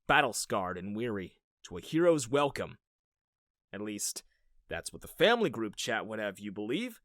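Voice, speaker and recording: A man's voice: mid-range voice, a bit bright, no room sound, clean studio sound. A young man narrating a first-person story in a wry, dramatic way, with sarcastic asides.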